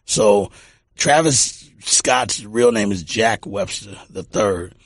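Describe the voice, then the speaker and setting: Middle-aged Texas-raised producer, low-pitched, loose storyteller who circles back on his words, dry studio mic. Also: slow pace, husky, dry recording. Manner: rambling, repeats words, warm anecdotal. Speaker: music producer, guest. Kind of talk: casual storytelling interview.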